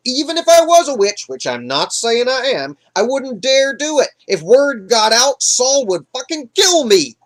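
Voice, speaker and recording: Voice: medium pitch, animated, pitched above the performer's own voice, close to an everyday voice. A livestream narrator voicing a brash, frightened village witch who cusses indignantly, in an improvised comic Bible retelling. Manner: indignant, profane, rapid-fire.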